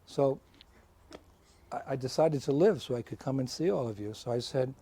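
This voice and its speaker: A man, a visiting swami, telling a story to schoolchildren in a lively way, laughing and bursting into shouts and chants. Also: mid-range voice, normal speed, husky. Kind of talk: animated storytelling.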